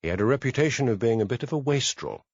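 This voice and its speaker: A man narrating a mystery audiobook in a measured storytelling manner. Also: mid-range voice, animated, dry recording, dull audio. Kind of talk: scripted narration.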